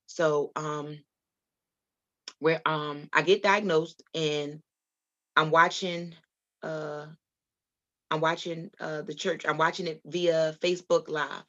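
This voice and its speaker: A woman's voice: low-pitched, fairly even intonation, slow pace, long pauses, a bit bright. A woman telling a personal faith story as a podcast guest, earnest and rambling, with many ums and restarts. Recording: dull lo-fi audio.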